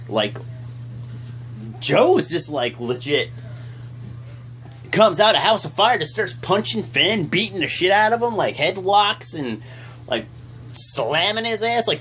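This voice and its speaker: Young male vlogger, slightly high voice, loose rambling recap delivery packed with slang. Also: fairly bright tone, slight background noise. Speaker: wrestling show reaction vlogger. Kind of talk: casual reaction commentary.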